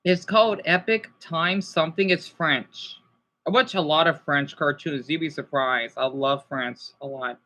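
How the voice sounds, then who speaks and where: A man chatting casually on a livestream, answering viewers, rambling and excitable with lots of restarts and exclamations. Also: a little high, measured pace. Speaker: YouTuber.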